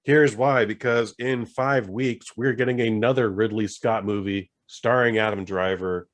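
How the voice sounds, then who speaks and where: A man's voice: lowish voice, fairly even intonation, unhurried. A man co-hosting a podcast, reviewing a movie in loose, profane casual chat and acting out scenes in voices. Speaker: podcast co-host.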